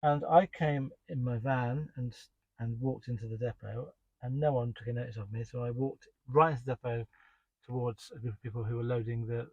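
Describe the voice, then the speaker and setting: A man's voice: medium pitch, a little mellow, no echo, dull audio. Guy vlogging his delivery day, rambly and fed up, lots of ums, medium voice, dead dry sound. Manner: rambling, with many restarts and "um"s; exasperated, complaining. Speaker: van delivery driver. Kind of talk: casual spoken diary.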